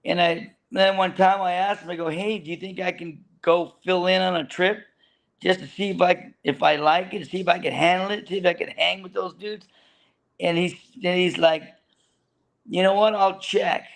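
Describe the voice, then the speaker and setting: A veteran fishing boat deckhand, appearing as a guest in a casual storytelling chat, tells a long, rambling story about his days on the boat, full of restarts and laughter. His voice sits high and sounds gravelly, with a steady tone at a normal speed.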